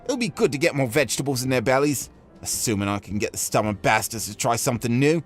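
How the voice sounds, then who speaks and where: Boisterous video game barkeep with a brogue, read by a man, high and loud. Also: steady tone, fast, faint music behind. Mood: hearty. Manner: hearty, folksy, rolling delivery. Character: boisterous tavern keeper with a brogue.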